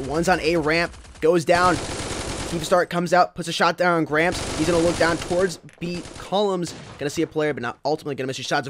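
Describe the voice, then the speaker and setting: A man's voice: a little high, noisy background. A man co-casting a mobile shooter match, calling plays and explaining strategy. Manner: analytical, rapid play calling. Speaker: esports co-commentator. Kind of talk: live play-by-play commentary.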